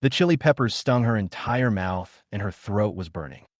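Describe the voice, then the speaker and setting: A man narrates a scripted drama story in a steady storytelling manner. His voice sits low and swings widely in pitch. The recording is close and dry, with no room sound. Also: normal speed, no room sound.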